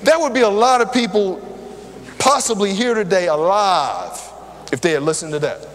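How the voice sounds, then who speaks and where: Older male preacher, lively storytelling sermon, high pitch, echoing church hall. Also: moderate pace. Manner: lively, conversational, talks straight to the crowd. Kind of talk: sermon with personal stories. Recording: long hall reverb.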